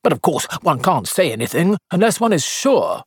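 A woman's voice: low voice, sing-song, normal speed, husky, no room sound, studio quality, voice pushed up, exaggerated voice. A woman reader voicing a self-important, gossiping older spinster who disapproves of her neighbours. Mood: gossipy, self-important.

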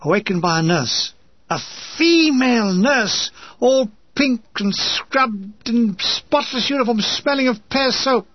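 An older man reads his wartime memoir with wry, dry humour. His voice is high and husky. It is recorded close and dry on a dull lo-fi track. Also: expressive, normal speed, no echo. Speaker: memoir reader. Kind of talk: reading a wartime memoir aloud.

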